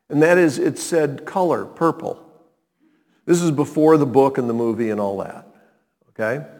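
A man's voice: medium pitch, measured pace. Older man telling a story in a reverberant hall. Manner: animated, with sudden emphatic exclamations and a wry aside. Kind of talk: live personal storytelling to an audience. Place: hall with a seated audience. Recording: long hall reverb, live room.

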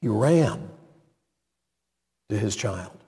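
A man's voice: fairly low pitch, lively intonation, extremely slow, gravelly, dark tone, husky. A man preaching a sermon, retelling a story with dramatic emphasis and sudden emphatic peaks. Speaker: pastor. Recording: reverberant hall.

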